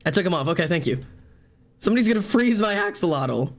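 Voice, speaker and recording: Young man, streamer, somewhat high voice, emotional, exclaims a lot. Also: animated, fast talker. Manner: exclaims often, tearful and laughing. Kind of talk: emotional game stream chat.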